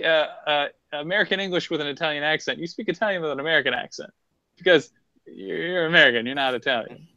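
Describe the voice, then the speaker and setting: A blunt man co-hosts a casual sports chat in a fairly high voice, swearing freely as he argues. The recording is dull and muffled, with no room echo. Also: fast, bright, forceful tone. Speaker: podcast co-host.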